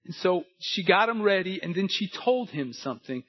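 A man preaching a sermon, telling a story and moving between hushed and emphatic delivery. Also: high voice, lively intonation, normal speed, few pauses, husky, lo-fi sound.

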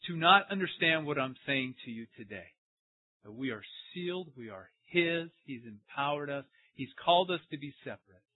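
In a dry, tinny recording that sounds phone-like, a pastor with a slightly high voice preaches at a moderate pace. He's animated and keeps asking his congregation questions.

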